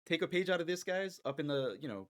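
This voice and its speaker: A man with a slightly higher-than-usual voice gives his honest take on a podcast. He leans hard on his points and is frank and emphatic. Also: animated, fast talker. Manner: candid and emphatic, building to loud enthusiasm. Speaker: podcast co-host. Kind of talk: casual wrestling podcast chat.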